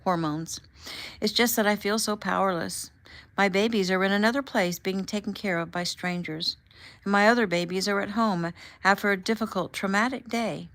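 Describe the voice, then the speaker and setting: A woman's voice: mid-range voice, moderate pace, a bit bright, lightly acted. A woman reading the part of a tearful young mother in a hospital bed, anxious and shaky.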